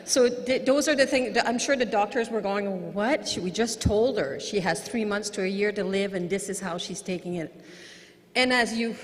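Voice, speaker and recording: A woman, a mother, giving an earnest storytelling speech at an award ceremony in a large event hall, speaking into a podium microphone. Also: mid-range voice. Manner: earnest, storytelling, occasional restarts. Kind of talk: heartfelt public speech. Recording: long hall reverb.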